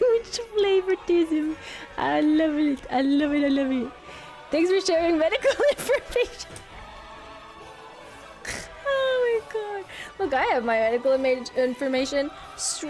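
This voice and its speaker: Casting note: young woman streamer, very high and lively voice, chatty and giggly, faint music underneath. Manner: giggly, chatty, reads and answers chat. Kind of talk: casual livestream chat with viewers.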